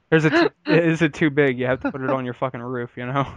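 A man's voice: medium pitch, dry recording, dull audio. A man co-hosting a casual podcast, laughing often and swearing casually. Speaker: podcast co-host.

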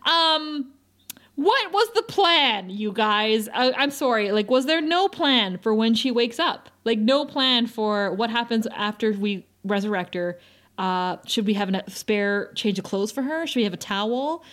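A woman co-hosting a podcast, recapping an episode in casual chat, animated and exasperated, laughing often. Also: a little high, unhurried. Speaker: podcast co-host.

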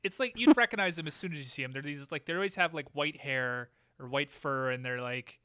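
Playful podcast co-host, man, bright crisp voice. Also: a little high, fairly quick, no echo, clean studio sound. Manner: joking, playful, acts out quotes. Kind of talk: casual chat recapping an episode.

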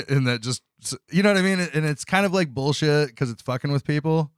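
A laid-back man hosting a casual chat, agreeable and quick to laugh, often rambling with fillers. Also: on the high side, expressive, clear, resonant tone, no room sound, clean studio sound.

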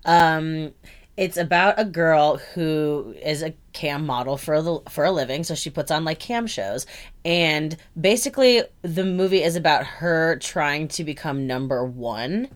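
A young woman co-hosting a podcast in a loose, casual chat. Her voice sits a little low, and she swears and laughs easily. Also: unhurried. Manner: laid-back, swearing, laughs often. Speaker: podcast co-host.

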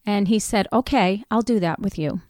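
A woman's voice: mid-range voice, moderate pace, dry recording. Middle-aged woman, candid storytelling, acts out quotes, dry close sound. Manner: candid, animated retelling with voiced quotes. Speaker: guest. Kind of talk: personal storytelling in conversation.

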